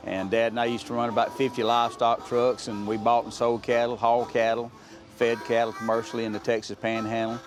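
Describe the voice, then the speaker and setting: A man who owns a barbecue restaurant, telling how he started in an unhurried, down-to-earth way. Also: mid-range voice, completely flat delivery, soft background music. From Alabama.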